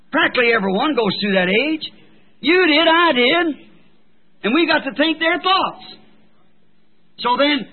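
Man, pastor, sermon, folksy storytelling, high-pitched, tinny archival recording. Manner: folksy storytelling, frequent "See?" asides.

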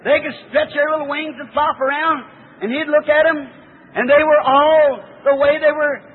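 A man preaching a fervent sermon, often slowing and rising into shouted cries. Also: very high-pitched, fairly even intonation. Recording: tinny lo-fi old recording.

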